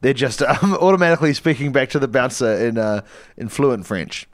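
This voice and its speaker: A man's voice: medium pitch, brisk, no echo, clean studio sound. Playful man narrating an improvised comedy plot. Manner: rambling, laughing, playful narration.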